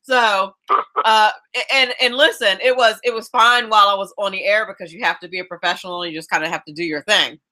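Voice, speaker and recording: A woman from South Jersey hosts a talk radio show, telling stories in a loose, chatty way and stumbling through restarts. Her voice is bright and forceful. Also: mid-range voice, fairly even intonation, quick pace. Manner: warm chatty storyteller, many restarts, laughs easily. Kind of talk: casual radio interview chat.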